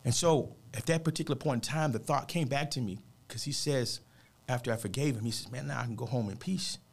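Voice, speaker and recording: A man's voice: medium pitch, fairly quick, gravelly, husky. A man who is a motivational speaker, telling an emotional personal story as a radio guest in an earnest, preachy way, often saying "man".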